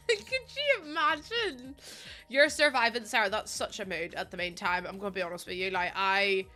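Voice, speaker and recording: A woman's voice: medium pitch, a little fast, hardly any pauses, bright, forceful tone, soft background music. A young woman with a Northern Irish accent, chatting casually and self-mockingly while live-streaming, often laughing and reading chat aloud. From Northern Ireland.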